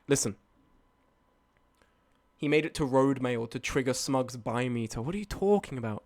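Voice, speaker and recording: A man's voice: medium pitch, measured pace, long pauses. A young man telling a night-out story on a live stream, swearing and arguing back at his chat. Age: young adult.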